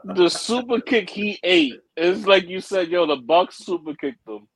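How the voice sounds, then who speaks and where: A man's voice: high voice, animated, a little slow, dry recording, poor audio. A man co-hosting a wrestling podcast, chiming in with slangy jokes in casual chat. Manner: joking, slangy interjections. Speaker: podcast co-host.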